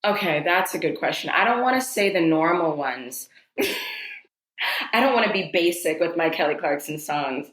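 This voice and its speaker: Lady guest gushing, lots of "like", kinda low voice, echoey room. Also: wildly swooping pitch, a little slow, a bit bright. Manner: enthusiastic, many "like" fillers. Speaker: podcast guest. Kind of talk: casual chat.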